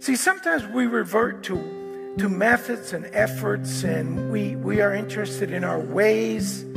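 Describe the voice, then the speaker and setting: Gravelly high-voiced male pastor in a hall. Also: a little slow. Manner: animated, repetitive restarts, acts out quotes. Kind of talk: sermon. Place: church hall. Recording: long hall reverb, faint guitar.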